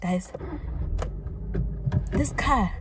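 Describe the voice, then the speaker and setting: A woman's voice: mid-range voice, lively intonation, very slow. A young woman from South Africa chatting casually to her viewers while driving, flustered, often exclaiming and laughing at herself. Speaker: vlogger. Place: inside a car on rural roads. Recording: car and road noise. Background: car and road noise.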